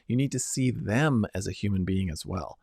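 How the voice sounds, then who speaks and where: A man's voice: lowish voice, animated, normal speed, gravelly, darkish tone, slightly rough, no room sound, studio quality. A middle-aged man giving an earnest self-help lesson, coaching listeners step by step and often checking in with "right?" and "okay?". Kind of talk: instructional self-help talk.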